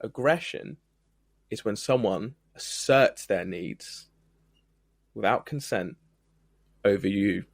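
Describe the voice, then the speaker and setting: This podcast co-host speaks slowly in a lowish, gravelly voice, pausing often, and the recording is dry. He thinks ideas through in a reflective way and builds each point with examples.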